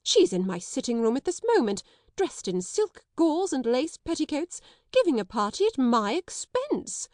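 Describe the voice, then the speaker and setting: A woman reading an audiobook, voicing a stiff, indignant middle-aged schoolmistress who turns shrill. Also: very animated, normal speed, a little mellow, no room sound, clean studio sound. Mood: shocked. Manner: haughty, shrill when shocked.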